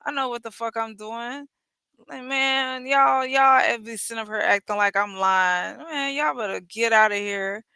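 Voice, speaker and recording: A woman hosts a livestream at an unhurried pace, her voice bright and forward. She jokes, teases her viewers and swears freely. The sound is close and dry, with no room around it. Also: on the high side, smooth, no room sound. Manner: blunt, joking, profane, teasing chat. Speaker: livestream host. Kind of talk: casual livestream chat.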